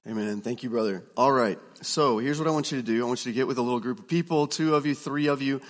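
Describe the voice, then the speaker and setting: A man teaches a room full of students in a conversational, story-driven way, stumbling over restarts and fillers. His voice sits at a middle pitch. It carries a long reverb from a large hall. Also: fast. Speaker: preaching instructor. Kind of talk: classroom teaching talk.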